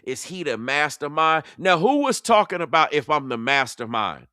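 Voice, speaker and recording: Heated man roasting his rivals, sharp edgy voice, slightly high, dry close mic. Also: sing-song, moderate pace, smooth, no echo. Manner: confrontational, preachy, mocking. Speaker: online commentator. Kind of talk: heated reaction commentary.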